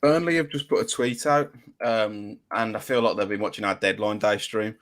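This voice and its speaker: A man's voice: lowish voice, normal speed, fairly bright tone. Chatty man hosting a fan stream. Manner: chatty, reads chat comments aloud. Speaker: fan channel host. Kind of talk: casual live stream chat.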